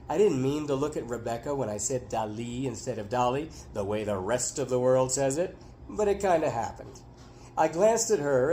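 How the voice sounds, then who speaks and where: A man's voice: medium pitch, darkish tone, slight background noise, low-quality recording. A middle-aged man reading aloud from his own memoir, acting out the characters' lines with big jumps in his voice.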